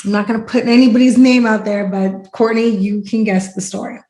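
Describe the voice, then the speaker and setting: A woman hosting a podcast in casual chat, telling stories in an animated way and acting out quotes loudly. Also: on the high side, a little fast. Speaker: podcast host. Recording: roomy echo.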